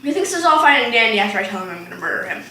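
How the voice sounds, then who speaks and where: Very fast and pushed-bright, this teenage vlogger's medium-pitched voice swings widely in pitch. She chats casually to her camera in a home kitchen, telling a story and rambling off on tangents with many ums and likes, recorded in an echoey room.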